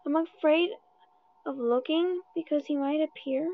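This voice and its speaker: A woman's voice: high voice, measured pace, vocal fry. A young woman gaming a horror game, nervous and trash-talking, sighing and pleading between jump scares. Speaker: gamer reacting to a horror game. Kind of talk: frightened gameplay commentary. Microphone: phone. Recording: tinny phone-like screen recording.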